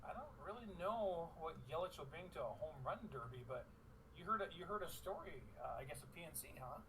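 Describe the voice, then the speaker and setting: Sports podcast cohost dude, chatty, keeps asking questions, noisy recording. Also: male voice, fairly high pitch, expressive, brisk. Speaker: podcast co-host. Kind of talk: casual sports chat.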